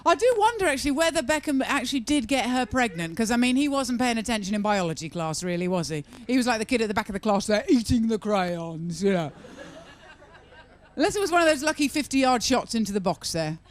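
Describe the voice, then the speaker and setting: Woman comedian, stand-up set, sarcastic crowd teasing, fairly high voice, swoops up and down. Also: very animated, fast. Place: live comedy venue with audience.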